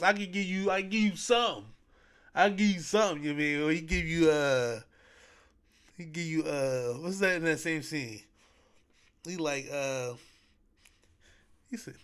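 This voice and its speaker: A man with a slightly higher-than-usual voice hosts a podcast on his own. He chats casually and rambles, repeating himself and leaning on slang and fillers. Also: measured pace, long pauses, fairly bright tone, smooth. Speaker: podcast host. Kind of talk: casual solo podcast chat.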